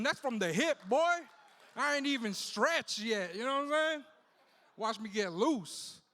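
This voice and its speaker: High-pitched guy doing stand-up on a club stage, swears a lot, says "you know" every other line, long reverb. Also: bright, forceful tone. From Philippines heritage, Bay Area. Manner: loose, profane, conversational with many "you know" tags. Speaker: stand-up comedian hosting. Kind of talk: stand-up comedy set. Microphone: handheld stage mic.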